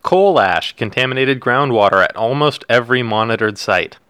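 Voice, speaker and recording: A man's voice: medium pitch, animated, normal speed, bright, forceful tone, smooth, dry recording, studio quality. A man co-hosting a podcast, reading news headlines aloud and adding wry, jokey asides in casual chat. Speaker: podcast co-host.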